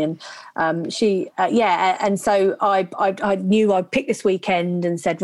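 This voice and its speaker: A woman from England, an actress and comedian telling her story as a podcast guest, halting and repeating herself. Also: mid-range voice, no echo. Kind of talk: casual interview chat.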